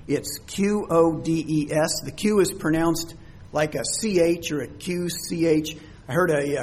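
Husky-voiced man preaching a sermon. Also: a little high. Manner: teaching, explains words with everyday examples. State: coughing, throat troubled. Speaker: pastor.

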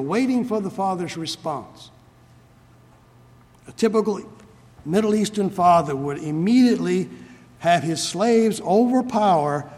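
A man preaching an expository sermon, reading scripture aloud and explaining it earnestly, slowing down to stress key phrases. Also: on the high side. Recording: long hall reverb.

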